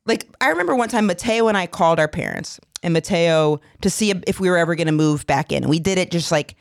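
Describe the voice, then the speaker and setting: A woman's voice: fairly low pitch, lively intonation, quick pace, creaky. A woman hosting a podcast, chatting casually and telling personal stories with playful impressions. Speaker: podcast host.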